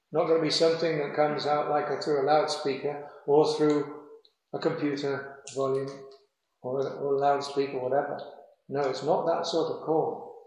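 A man preaching a sermon in an earnest, measured way, slowing down to stress key phrases. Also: fairly high pitch, a little mellow. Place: church. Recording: very echoey hall.

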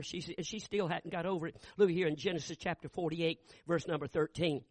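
Older preacher guy, high voice, folksy, gets loud and fervent. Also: steady tone, brisk, no echo. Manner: fervent, shouting in peaks, folksy storytelling. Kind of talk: revival sermon.

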